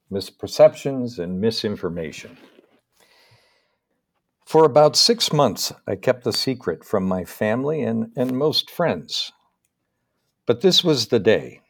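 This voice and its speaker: A middle-aged man from the northeastern US, reading a personal story aloud in a measured, unhurried way with small pauses. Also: medium pitch, sing-song.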